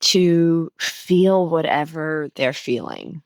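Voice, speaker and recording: A woman's voice: sits low, slow, vocal fry, no room sound. A woman guest on a podcast explaining her healing method in an earnest, explanatory way. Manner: earnest, explanatory, animated when making points. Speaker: guest, inner child healing coach.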